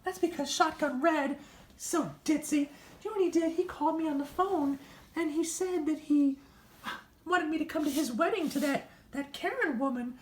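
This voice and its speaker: A woman playing a fussy, worried sister who talks in a dramatic, gossipy, halting way. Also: high-pitched, natural voice. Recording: echoey room.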